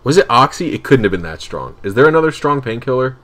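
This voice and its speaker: A man's voice: medium pitch, big pitch swings, quick pace, a bit bright. A man casually telling rambling, laughing anecdotes while streaming a game. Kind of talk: casual storytelling on a live stream.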